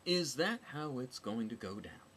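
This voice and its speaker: A man voicing a brash, crude, foul-mouthed soldier woman in a storybook reading, loud and sarcastic. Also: medium pitch, very animated, a little slow, slight background noise, pitched above the performer's own voice.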